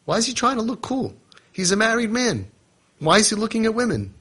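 A man's voice: high voice, big pitch swings, fairly quick, a bit bright, slightly rough. A man giving an earnest religious lesson to parents, telling stories and using Hebrew terms as he coaches them.

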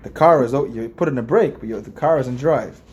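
A man's voice: mid-range voice, fast, darkish tone, slight background noise. A man, a rabbi, giving an informal religious lesson in a conversational way, repeating phrases and asking his listeners questions. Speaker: rabbi teaching a class.

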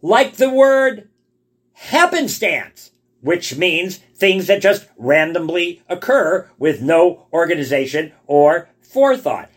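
A man giving a Torah lecture, dramatic and full of rhetorical questions, dropping to a hush and then rising to shouts for emphasis. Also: high voice. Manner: explains wordplay step by step, asks rhetorical questions. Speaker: Torah teacher. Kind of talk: Tisha B'Av lecture.

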